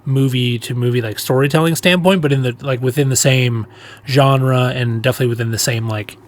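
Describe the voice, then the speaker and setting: A man's voice: mid-range voice, fairly even intonation. A man co-hosting a podcast in a casual movie chat, talkative and playful. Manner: chatty, playful, quick to joke. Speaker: podcast co-host. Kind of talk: casual film discussion.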